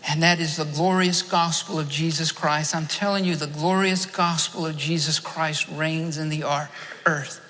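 Bright-voiced, fervent male preacher. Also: on the high side, steady tone, normal speed. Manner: fervent, repeats phrases for emphasis. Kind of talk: sermon. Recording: long hall reverb.

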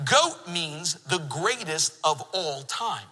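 A middle-aged man preaching a sermon in a church, an animated storyteller who jokes with the congregation. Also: fairly high pitch, slow, in a large hall, background noise. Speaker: pastor. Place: church sanctuary.

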